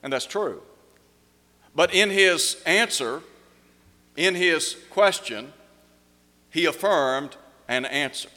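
Bright-voiced man preaching in a reverberant hall. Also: fairly high pitch, lively intonation. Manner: measured preaching cadence, varied pace and emphasis. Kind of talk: evening sermon.

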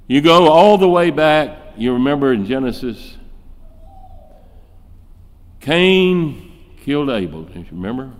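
Slow, animated preacher in a reverberant hall. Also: male voice, mid-range voice. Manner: emphatic, fires off rhetorical questions; acts out quoted speech in shifting voices. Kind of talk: sermon. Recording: long reverb in a large hall.

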